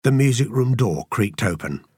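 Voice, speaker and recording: A man narrating an audiobook in a measured, even storytelling manner. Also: medium pitch, husky, dry recording, studio quality. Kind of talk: scripted narration.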